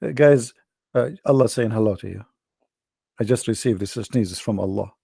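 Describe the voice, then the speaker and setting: Gravelly man with a mocking tone. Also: lowish voice, moderate pace, mellow, dry recording, studio quality. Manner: mocking, theatrical, with mock sneezes and sung lines. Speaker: online religious commentator. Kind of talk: sarcastic monologue.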